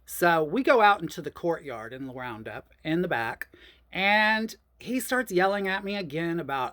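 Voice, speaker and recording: A woman, telling a personal story in a chatty, profane, animated way. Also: fairly low pitch, unhurried. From New Orleans, USA. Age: 50s. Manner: animated, profane, chatty, addresses listeners as y'all. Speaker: host.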